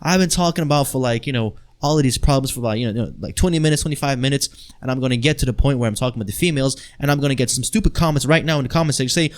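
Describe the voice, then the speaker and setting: A man ranting in a heated vlog, exasperated and crude, jumping from loud outbursts to mutters. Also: mid-range voice, rapid-fire. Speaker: wrestling commentary vlogger.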